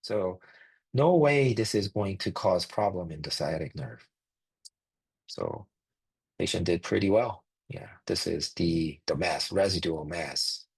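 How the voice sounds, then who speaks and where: A man's voice: deep voice, animated, takes it slowly, gravelly, slightly rough, low-quality recording. A man, a physician, presenting clinical cases in a lecture, talking plainly and thinking aloud with frequent fillers. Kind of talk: medical case presentation.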